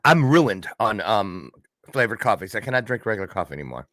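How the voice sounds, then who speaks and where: A man's voice: mid-range voice, big pitch swings, moderate pace, fairly bright tone, no echo. A man hosting a casual morning podcast, talking to listeners in a chatty, playful way, cracking puns and wandering into little asides. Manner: playful, punning, chatty, jumps between asides. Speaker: podcast host. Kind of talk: casual morning show monologue. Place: Chicago area.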